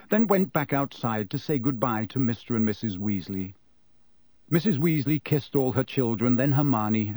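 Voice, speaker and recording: A man reading an audiobook in an expressive storytelling manner on a close studio mic. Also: medium pitch, no echo. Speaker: audiobook narrator. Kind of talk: scripted narration.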